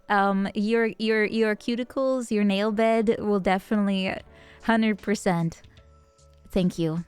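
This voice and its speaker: A woman streamer chatting casually with her viewers, laughing often and greeting them by name. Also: medium pitch. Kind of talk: casual livestream chat.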